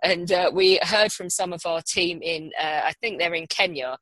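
A woman's voice: lowish voice, normal speed, a bit bright, no echo, low-quality recording. Chatty laughing woman podcast host. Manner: chatty, laughs often, many fillers. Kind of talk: casual chat. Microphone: headphones.

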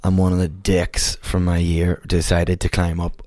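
Man, low voice, casual sweary podcast chat, dry close sound. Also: monotone, normal speed, warm tone, no room sound. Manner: sweary, laughing, bantering. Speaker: podcast host.

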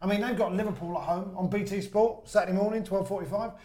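Guy hosting, high voice, joking and laughing, roomy echo. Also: quick pace, darkish tone. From London. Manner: jokey, laughing, rambling. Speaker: podcast host. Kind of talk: casual comic chat.

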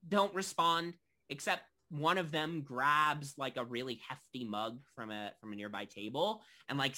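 A man narrating as game master of a tabletop game, halting and loose, with many fillers. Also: mid-range voice, bright, forceful tone.

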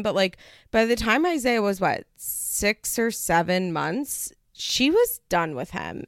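A woman's voice: mid-range voice, vocal fry, dry recording, studio quality. A young woman hosting a casual podcast, recapping a reality show in a chatty, laughing way and animatedly quoting other people. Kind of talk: casual chat.

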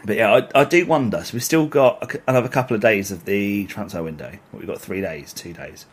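A man's voice: on the low side, fast talker, breathy edge. A man co-hosting a football podcast, chatting casually with laughing, sweary banter. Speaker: podcast co-host. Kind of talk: casual chat.

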